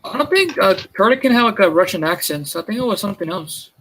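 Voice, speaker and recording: A man's voice: high-pitched, big pitch swings, fast, crowd noise. A man joining a live stream, joking and teasing in casual banter while he plays a game.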